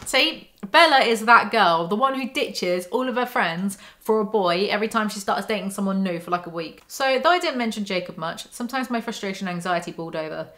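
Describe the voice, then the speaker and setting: A woman's voice: mid-range voice, lively intonation, brisk, few pauses, fairly bright tone. A woman with a mid-range voice reads aloud from a novel, then cuts in with dry, sarcastic asides. Her commentary is mocking and conversational, like a YouTuber tearing apart a book.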